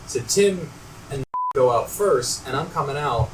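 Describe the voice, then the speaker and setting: A young man on a casual podcast, telling stories in an animated way, swearing freely and acting out the voices of people in them. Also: medium pitch, measured pace, far from the mic. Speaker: podcast co-host. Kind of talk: casual storytelling chat. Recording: echoey room, off-mic, noisy.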